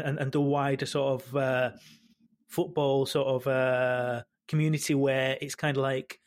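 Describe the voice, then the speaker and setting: A man, a football podcast panelist talking in a halting way full of restarts. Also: medium pitch. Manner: halting, many restarts and fillers. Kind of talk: casual football chat.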